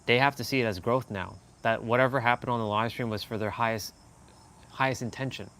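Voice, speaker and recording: A man from Canada chatting casually on a live stream, rambling and animated, laughing often as he talks to viewers. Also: medium pitch, brisk, a little hiss or hum.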